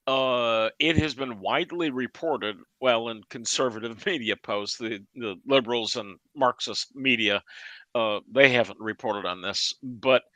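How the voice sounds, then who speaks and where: A man co-hosting a casual political talk show, excitable and prone to laughing and repeating himself. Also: medium pitch, dry recording. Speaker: co-host.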